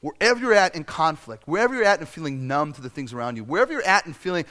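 Man, preacher, delivering a lively conversational sermon, voice on the higher side, acts out stories with shouts. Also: fast, hardly any pauses. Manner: animated storytelling, acting out scenes with loud shouts; conversational and self-deprecating, with frequent fillers. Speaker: pastor.

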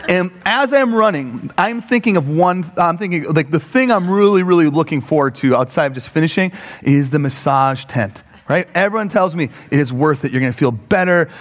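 A man preaching a sermon with comic stories, animated and given to high mock voices when quoting people. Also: a little fast, big-room sound. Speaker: pastor.

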